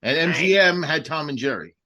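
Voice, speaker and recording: A man co-hosting a podcast, animated and talking over others with quick repeats. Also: fairly high pitch, slight background noise. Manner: animated, jumps in and repeats lines. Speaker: podcast co-host. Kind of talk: casual chat.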